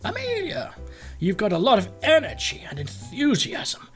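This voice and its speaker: A man voicing a friendly male cat running for president, reading game text aloud with meows dropped in, lively in pitch over faint music. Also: normal speed, full character voice. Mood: earnest. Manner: reads cat meows flatly into his lines.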